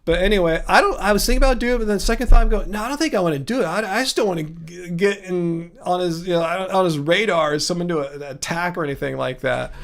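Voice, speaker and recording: A man's voice: sits high, fast, vocal fry, few pauses, fairly bright tone. A man hosting a casual livestream, reading viewer comments aloud and rambling chattily with lots of fillers and self-corrections. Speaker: livestream host.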